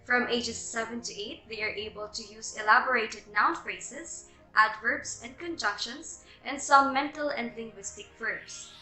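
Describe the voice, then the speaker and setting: A woman's voice: a little high, a little slow, bright, forceful tone, soft background music. Woman reading lists in an echoey room. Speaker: student presenter. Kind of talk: read class presentation.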